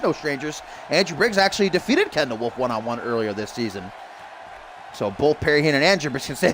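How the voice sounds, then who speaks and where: A man doing excitable play-by-play for a wrestling video game stream, laughing at the action and reading viewer tweets. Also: a little high, background noise.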